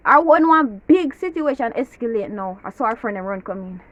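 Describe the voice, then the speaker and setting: A woman's voice: sits high, animated, fast talker, hardly any pauses, a bit bright. A young woman with a Jamaican accent, ranting animatedly in heavy patois about her pet peeves in a casual vlog. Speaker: vlogger. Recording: slightly dull lo-fi audio with faint hiss.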